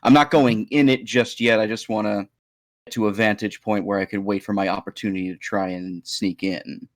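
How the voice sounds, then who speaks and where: Low voice dude playing the game, hesitant, laughs at himself, dry mic. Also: male voice, fairly even intonation, normal speed, dry recording. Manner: self-deprecating, hesitant, laughs at his own slips. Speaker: player. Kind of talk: casual game chat.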